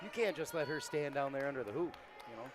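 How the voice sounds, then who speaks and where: A man calling a high school basketball game on a headset, hyped and folksy, teasing his partner. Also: animated, fast, crowd noise. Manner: hyped, folksy, calls partner buddy and son. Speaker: play-by-play announcer.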